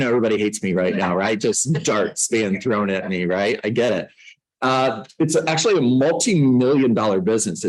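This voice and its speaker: A man's voice: medium pitch, poor audio. A middle-aged man coaching real estate agents, teaching a class on a book in a conversational way, with self-mocking jokes.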